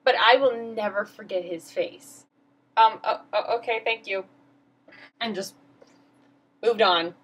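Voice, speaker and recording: A woman's voice: mid-range voice, unhurried, pauses often, a bit bright, slightly rough, poor audio. A teenage girl vlogging, telling a story in a rambling, flustered, self-mocking way. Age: teens. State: emotional. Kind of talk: casual storytelling vlog.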